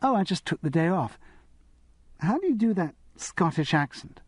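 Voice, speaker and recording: Brief: man playing bright young posh English girl, public-school accent, giggly, high and lively. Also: normal speed, slightly rough, dry recording, exaggerated voice. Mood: chatty. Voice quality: bright and girlish.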